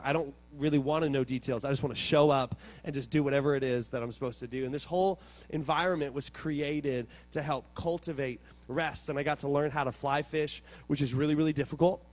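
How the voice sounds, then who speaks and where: A male pastor preaching a sermon as animated storytelling, moving between quiet reflection and loud, excited moments. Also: a little high.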